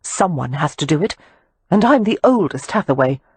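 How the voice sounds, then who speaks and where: A woman's voice: deep voice, very animated, normal speed, darkish tone, breathy edge, no room sound, exaggerated voice. A woman voicing a responsible, protective eldest sister who speaks in a firm, take-charge way in an audiobook. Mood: indignant.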